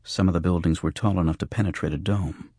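A man reading a novel aloud in measured, hushed scripted narration. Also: low-pitched, steady tone, husky, dry recording. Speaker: audiobook narrator.

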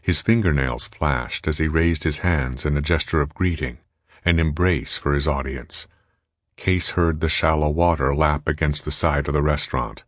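Audiobook narrator, man, very deep voice, dry close sound. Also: no room sound. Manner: even, measured reading. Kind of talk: scripted narration.

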